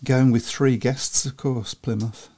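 A man's voice: mid-range voice, steady tone, unhurried, mellow. A man co-hosting a podcast in a chatty way, reading out scores and listener comments. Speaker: podcast co-host. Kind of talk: casual chat about speedway.

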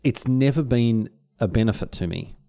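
A man's voice: mid-range voice, normal speed, mellow. A man co-hosting a podcast, telling rambling stories in a casual chat and slipping into playful put-on voices. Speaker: podcast co-host.

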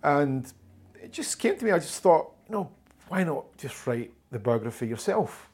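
His voice sits a little high and has a sing-song lilt, slightly mellow and husky, at a moderate pace. The man, an author and journalist in an interview, tells a long story conversationally, rambling and restarting many times.

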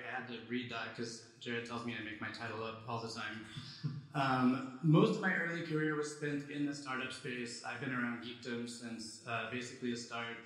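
A man at a middle pitch speaking casually to a live audience, with a few jokes and a steady stream of fillers. His voice bounces around a strongly echoing venue. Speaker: co-presenter at a live talk. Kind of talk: live conference presentation.

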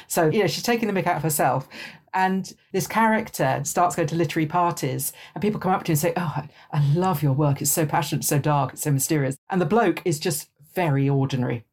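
A woman, speaking as a guest in a thoughtful, measured podcast conversation. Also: deep voice. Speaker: author and guest.

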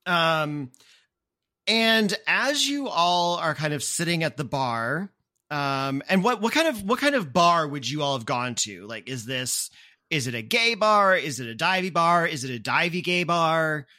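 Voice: mid-range voice, very animated, unhurried, sharp tone. A game master narrating a tabletop game in a chatty way with many fillers.

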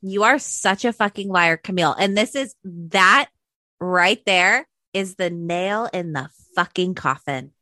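A woman co-hosts a casual gossip podcast with a bright, forceful voice. She jumps in excitedly and punctuates her points with swearing. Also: fairly low pitch, unhurried, no echo. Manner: excitable, emphatic, swears freely. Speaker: podcast co-host.

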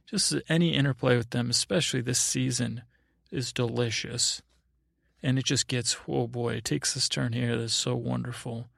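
A man with a gravelly, fry-laced voice drifts through a sleepy, rambling recap in a steady, even tone. His delivery is low-key and wandering, with plenty of restarts, and the sound is close and dry. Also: moderate pace, dry recording. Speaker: podcast host.

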